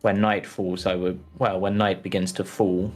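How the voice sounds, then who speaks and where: A man's voice: low voice, little pitch movement, moderate pace, soft background music. A man voicing a cautious, polite village priest in a tabletop role-play, speaking hesitantly with many ums and restarts. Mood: earnest. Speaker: game master.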